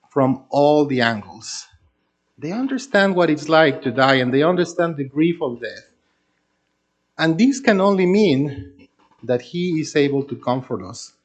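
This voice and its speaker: A pastor with a slightly high voice preaches an earnest, emphatic sermon, slowing down to stress key phrases.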